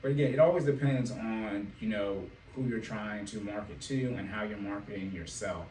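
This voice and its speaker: A man hosting a casual podcast and working as a financial coach, telling animated stories and laughing often. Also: on the low side, moderate pace. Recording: echoey room, mic at a distance, faint noise.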